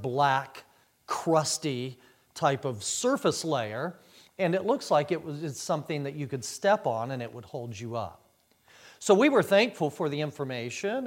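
A middle-aged man preaching a sermon, telling a personal story slowly and then building to loud, emphatic preaching. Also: a little high.

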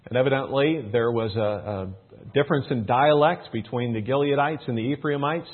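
A man teaching a Bible passage, reading the verses aloud with lifted emphasis, then explaining them in a relaxed, folksy way with plenty of fillers. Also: medium pitch, normal speed. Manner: reads scripture louder and more raised, explains in a relaxed folksy way with fillers. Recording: tinny phone-like sound.

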